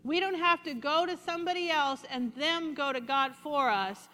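A woman pastor giving a lively, conversational sermon and calling out to her congregation. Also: sits high, moderate pace, in a large hall. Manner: lively, conversational preaching with congregation call-outs.

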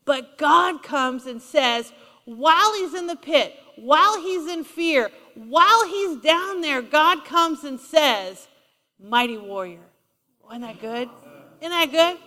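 A woman's voice: very high voice, animated, takes it slowly, sharp tone. A woman preaching a sermon in a conversational, emphatic way, often asking the congregation questions. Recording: long hall reverb.

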